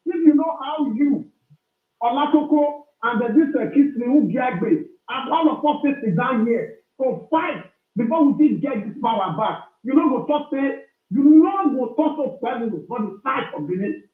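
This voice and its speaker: A Nigerian man calling in to a talk show, lecturing forcefully and repeating himself. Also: extremely high pitch, expressive, normal speed. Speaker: caller. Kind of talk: heated call-in argument. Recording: echoey tinny phone line.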